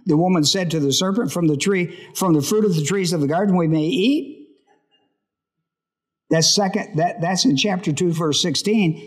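A male pastor teaches from scripture in a slightly high voice. He reads a few verses, then stops to ask his listeners questions before he reads on. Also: moderate pace. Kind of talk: Bible study sermon.

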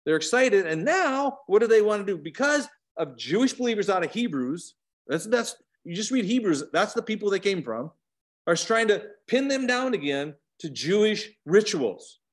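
A man teaching an online Bible study over a video call, animated, swinging between loud emphatic bursts and quiet asides. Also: high voice, normal speed.

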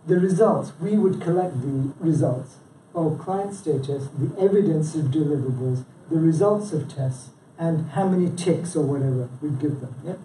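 A man's voice: on the high side, normal speed, few pauses, dark tone, recorded from a distance, a little hiss or hum. A man chairing a local branch, giving an informal presentation and quizzing the audience, chatty and prone to restarts. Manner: chatty, self-interrupting, with frequent "yeah?" and "you know". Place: meeting room with a live audience. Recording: echoey room, speaker away from the mic.

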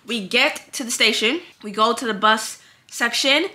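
Animated young woman telling a story. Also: fairly high pitch, measured pace. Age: young adult. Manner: animated, dramatic retelling with frequent 'like'. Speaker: college vlogger. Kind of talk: casual storytime vlog. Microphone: handheld mic prop, not connected.

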